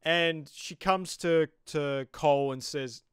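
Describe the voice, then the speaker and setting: A man's voice: a little high, takes it slowly, hardly any pauses, clear, resonant tone, no room sound, studio quality. A man with a New Zealand accent giving a casual, rambling episode review, full of "you know" fillers. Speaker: TV show reviewer.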